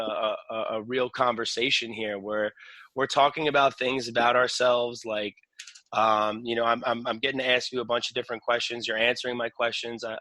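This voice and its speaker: A man hosting a casual podcast chat, talking in a halting way with many restarts and casual swearing. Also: mid-range voice, pushed and bright, dry recording. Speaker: podcast host.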